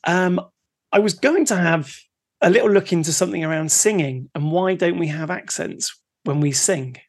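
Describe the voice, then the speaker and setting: A man co-hosting a casual podcast, easygoing and quick to laugh as he shares facts. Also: high voice. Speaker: podcast co-host.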